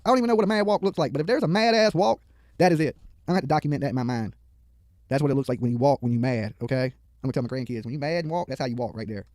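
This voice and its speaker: A man's voice: mid-range voice, racing, a little mellow, dry recording. A man giving profane, mocking live commentary on a video from a studio, heckling the people on screen and rambling into stories.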